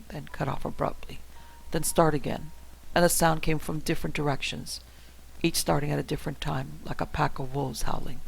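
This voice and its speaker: A man reading a horror story aloud in the first person, in a steady, tense way. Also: on the high side, creaky, a little hiss or hum, rough recording. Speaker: story narrator. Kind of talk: scripted horror narration.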